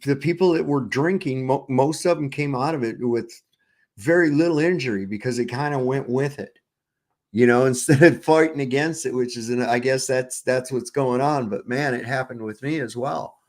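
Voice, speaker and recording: A man's voice: mid-range voice, normal speed. A man hosting a livestream, talking casually and profanely over clips, often restarting and trailing off. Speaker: livestream host.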